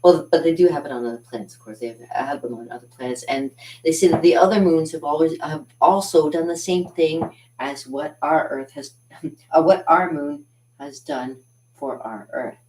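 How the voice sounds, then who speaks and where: This is a woman with a low voice, hosting a casual live stream from her art studio. She rambles and giggles between phrases. When something excites her, her pitch leaps up. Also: moderate pace. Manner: animated, big jumps up in pitch when excited. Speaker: party artist and live-stream host.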